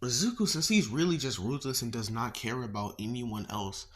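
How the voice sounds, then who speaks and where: Man, casual story narration, rambling, slangy, profane asides, mid pitch. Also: normal speed, fairly bright tone.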